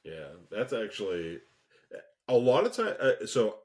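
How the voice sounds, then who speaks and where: A man co-hosting a podcast in casual chat, talking haltingly with many restarts. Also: lowish voice, wildly swooping pitch, darkish tone. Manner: halting, full of restarts, laughs easily. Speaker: podcast co-host. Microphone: remote call setup.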